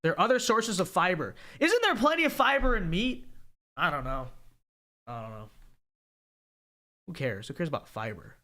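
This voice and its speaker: A young man from California runs a casual livestream and reads viewer comments out loud. His voice is bright and rather high for a man, and his pitch swings a lot as he drives his points home. He talks emphatically and keeps checking in with "okay?". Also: big pitch swings, moderate pace, long pauses. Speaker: livestream host reading viewer chat.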